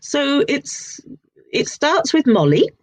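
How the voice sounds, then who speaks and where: A woman in her sixties with a southern English accent, chatting as a guest author in a relaxed interview, rambling and restarting her sentences often. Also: sits high, takes it slowly. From southern England. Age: 60s. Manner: rambling, frequent restarts and repeated words. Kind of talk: casual interview chat.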